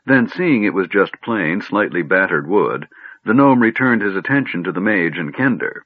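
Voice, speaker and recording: A man narrating a fantasy audiobook in a measured storytelling manner, recorded on a narrow phone-like line. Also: sits low, lively intonation, no echo. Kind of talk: scripted narration.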